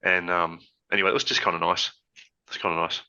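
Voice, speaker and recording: A man co-hosting a podcast in a relaxed, rambling chat from a hot room at home, talking through an old headset. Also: low voice, fast. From Australia. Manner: rambling, easygoing, laughs often. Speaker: podcast co-host. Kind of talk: casual chat. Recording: lo-fi headset audio.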